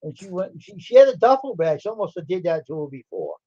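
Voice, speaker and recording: A man's voice: high voice, big pitch swings, quick pace, dull audio, heavy background noise. A man casually telling a long, rambling story from his school days on a livestream, breaking into quoted voices. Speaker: livestream host.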